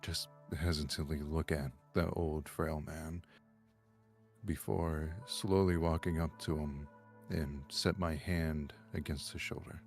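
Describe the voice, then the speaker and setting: A male tabletop player describing his character's actions, slow and halting. His voice sits deep and low, with faint music underneath. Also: steady tone. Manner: hesitant, halting.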